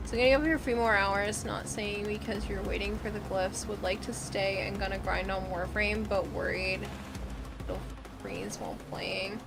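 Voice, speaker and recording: A woman's voice: mid-range voice, expressive, normal speed, gravelly, music in the background, low-quality recording. A woman with a Boston accent chatting casually on a livestream while crafting, rambling with lots of fillers and the odd swear. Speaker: streamer. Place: home room with an air conditioner.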